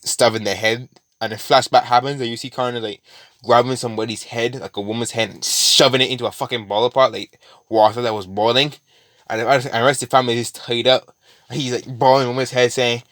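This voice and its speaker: Guy rambling through a fan story, swears a lot, mid-pitched, dry close sound. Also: fairly even intonation, fast, fairly bright tone, no echo. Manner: rambling, profane, many fillers and restarts. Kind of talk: casual retelling of a fan story.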